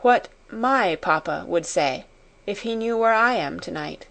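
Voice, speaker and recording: A woman voicing a grave young schoolgirl who speaks low, sad and quiet. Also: normal speed, lightly acted.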